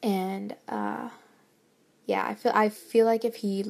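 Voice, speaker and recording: A college student in her young adult years talks slowly in a medium-pitched voice with little pitch movement and vocal fry. Her casual chat wanders hesitantly and often drops to a whisper, full of fillers and soft laughs. Her nose is stuffy from a lingering cold.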